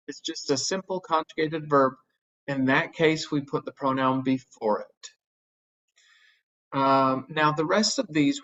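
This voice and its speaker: A man's voice: a little high, a bit bright, dull audio. A man teaching a grammar lesson, explaining patiently step by step with frequent fillers. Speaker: Spanish teacher. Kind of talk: recorded grammar lecture.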